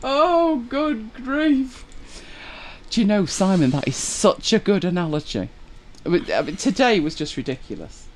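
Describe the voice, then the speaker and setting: Woman, livestream host, casual chat, lively pitch, wry, exasperated. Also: a little fast, hardly any pauses, slight background noise. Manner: chatty, laughing, wry and exasperated. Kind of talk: casual chat with live viewers.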